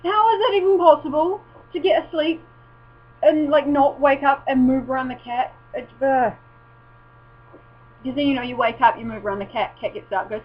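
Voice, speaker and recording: A woman's voice: sits high, moderate pace. A woman chatting casually at home as a vlogger, rambling and swearing, often breaking off mid-sentence. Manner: rambling, sweary and self-interrupting. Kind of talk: casual chat. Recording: dull lo-fi recording with mains hum.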